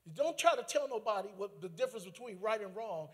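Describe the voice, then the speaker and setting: A high-pitched man preaches a personal testimony, his voice ringing through a big hall with a long echo. He tells his story in an animated way, full of asides and laughter. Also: quick pace, breathy edge. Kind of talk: testimony sermon.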